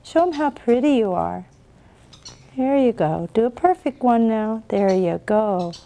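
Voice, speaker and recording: A woman's voice: fairly high pitch, animated, measured pace, vocal fry, dark tone. A woman talking to her pet bird, coaxing and praising it in a sing-song pet voice. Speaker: bird owner.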